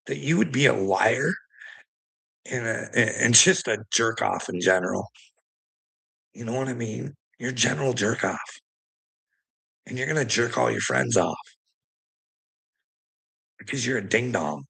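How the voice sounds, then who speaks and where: A man's voice: mid-range voice, lively intonation, a little slow, creaky, pauses often, sharp tone, husky. A man delivering a profane, confrontational rant at someone, laughing between jabs. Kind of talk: ranting monologue to camera.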